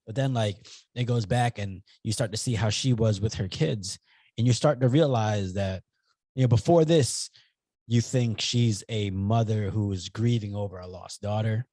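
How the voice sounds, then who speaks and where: A young man co-hosting a casual podcast, talking in a somewhat low voice that sounds dry and close to the mic. He rambles through animated stories and swears freely. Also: normal speed, dry recording. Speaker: podcast co-host. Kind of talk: casual chat.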